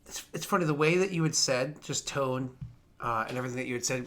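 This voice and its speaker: A man in his thirties running a tabletop game, chatting and narrating in a rambling, animated way with many fillers. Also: medium pitch, a little fast, a little hiss or hum. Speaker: game master. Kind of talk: casual game narration and chat.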